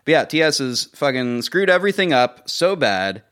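Casual podcast co-host, male, mid-pitched, dry sarcastic recapper who swears freely. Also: sing-song, moderate pace, a bit bright. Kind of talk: casual movie recap chat.

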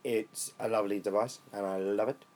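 A young British man co-hosting a casual podcast, rambling and swearing freely, his voice worn lower from smoking. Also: fairly even intonation, a little fast, a little mellow. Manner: rambling, swears freely, laid-back stoner talk. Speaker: podcast co-host. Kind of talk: casual chat.

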